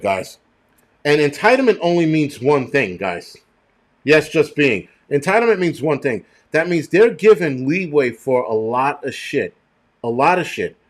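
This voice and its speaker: Middle-aged male streamer, profane, rambling, chatty livestream commentary. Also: a little high. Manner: rambling and profane, thanks chat viewers. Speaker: show host.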